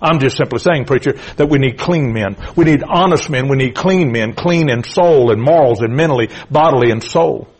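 A man's voice: medium pitch, moderate pace, few pauses, husky, low-quality recording. A middle-aged man preaching a blunt, emphatic sermon, repeating phrases and calling out to the congregation. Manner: calls out to the congregation. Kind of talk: fiery sermon.

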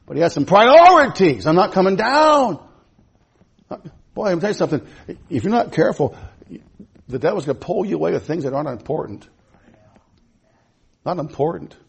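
Husky preacher man, loud then hushed. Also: big pitch swings, fairly quick, long pauses. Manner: swings from loud shouting to quiet low asides, stammers and repeats words. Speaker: pastor. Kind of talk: sermon. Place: church.

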